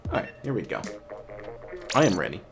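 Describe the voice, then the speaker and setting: A man casually hosting a game stream, reading chat aloud, trailing off and restarting, with bursts of excited play-by-play. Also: low-pitched, fairly quick, gravelly, over music. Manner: excited play-by-play shouting during action. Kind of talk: casual live-stream commentary.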